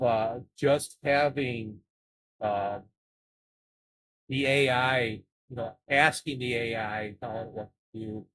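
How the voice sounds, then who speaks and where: Guy streaming from home, chatting casually, stops and restarts a lot, ordinary pitch. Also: rough recording. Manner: halting, repeats words often. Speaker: live streamer. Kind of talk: casual live-stream chat.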